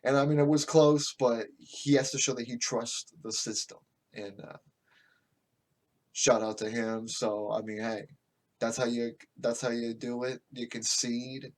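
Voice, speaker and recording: A man's voice: medium pitch, fairly even intonation, measured pace. A man from the United States hosting a podcast, ranting casually with lots of swearing, restarts and rambling asides. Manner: profane, rambling, with frequent restarts. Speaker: podcast host. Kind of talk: casual political rant.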